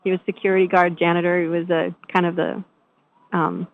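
A woman host telling a personal story in a chatty, animated way, often restarting her sentences. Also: lowish voice, a little fast. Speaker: show host. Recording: tinny phone-line sound.

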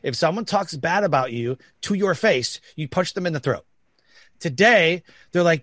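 A blunt, emphatic middle-aged man from Detroit talks in a casual conversation and acts out the people he quotes. His voice sits a little high and swings widely in pitch. The recording is dry and close. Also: lively intonation, normal speed, fairly bright tone, no echo. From Detroit, Michigan. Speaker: podcast guest.

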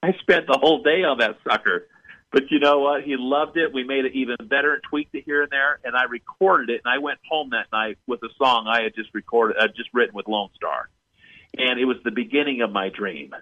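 Animated male storyteller, lo-fi sound. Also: medium pitch, brisk. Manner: animated storyteller acting out quoted voices. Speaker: guest musician. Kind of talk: storytelling interview.

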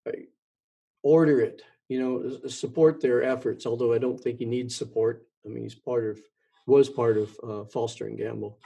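A man's voice: medium pitch, creaky, dark tone, breathy edge. A man hosting his own show, talking in a rambling monologue, stumbling and repeating words with many ums. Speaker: podcast host.

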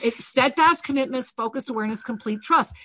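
A woman co-hosting a live spiritual call-in radio show, giving slow, soothing readings to callers. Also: sits high, crowd noise. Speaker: co-host, spiritual teacher.

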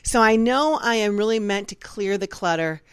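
A woman's voice: mid-range voice, lively intonation, normal speed, clean tone, no room sound. A woman co-hosting a casual talk podcast, sharing stories about her week. She tumbles through restarts and slips into the voices of the people she's quoting. Her voice sits in the middle of the range and sounds close and dry. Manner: chatty, with restarts and acted-out anecdotes. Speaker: podcast co-host. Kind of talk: casual chat.

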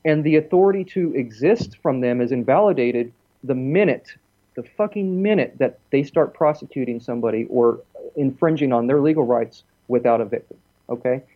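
A man's voice: mid-range voice, normal speed, narrow, tinny audio. A man talking casually on a podcast, blunt and profane, telling stories with quotes he acts out.

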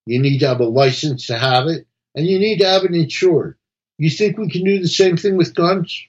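A man's voice: on the high side, moderate pace, muffled recording. Chatty talk radio host, a man. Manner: chatty storyteller, repeats words, animated when quoting. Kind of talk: casual talk radio chat.

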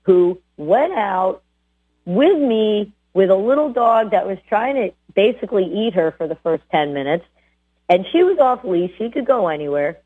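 A woman hosting a radio show about dog training, coaching listeners in a lively, direct way. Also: medium pitch, normal speed, slightly rough. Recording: tinny phone-like sound.

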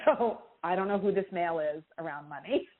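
A woman giving intuitive readings to callers on a call-in show, expressive and reassuring, with feeling in her voice. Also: on the low side, brisk. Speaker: intuitive reader answering callers. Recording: tinny phone-line sound.

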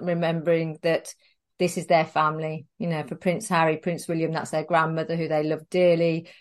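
A woman guest in an interview, telling a story in a chatty, animated way and laughing often. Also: fairly low pitch.

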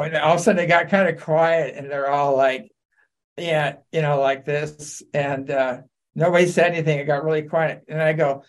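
Animated storytelling man on talk radio. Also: on the high side, normal speed. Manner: animated anecdotes with laughs and acted-out quotes.

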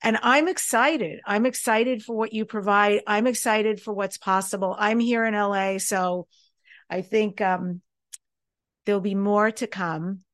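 A woman's voice: mid-range voice, fairly even intonation, a little slow, fairly bright tone. A woman hosting an interview, chatting in an enthusiastic, effusive way. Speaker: host. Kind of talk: casual interview chat.

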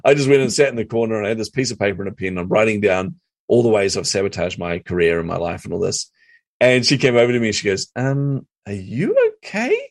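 Middle-aged New man, deep-ish, lively storyteller guest. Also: quick pace. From New Zealand. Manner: animated storyteller acting out his own past reactions. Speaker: podcast guest, marketing coach. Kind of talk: storytelling interview chat.

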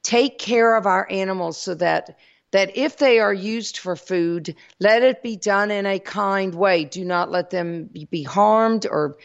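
Gravelly Southern woman giving a spiritual talk. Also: mid-range voice, unhurried. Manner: folksy, addresses listeners as y'all. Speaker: host. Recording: dull lo-fi recording.

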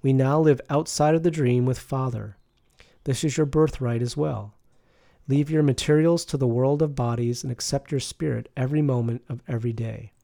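A man voicing a serene, patient male spiritual teacher who speaks slowly and tenderly, like preaching. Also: medium pitch, steady tone, creaky, mellow, dry recording, studio quality, natural voice.

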